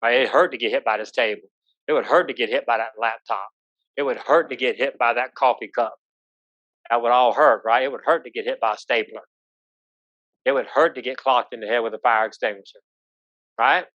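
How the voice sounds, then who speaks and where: A man's voice: mid-range voice, a little fast, long pauses, a bit bright, no echo. A man runs a live safety training, folksy and full of stories, keeps asking the room "right?" along the way. The sound is dry and a bit dull, like a lo-fi recording. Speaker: police trainer.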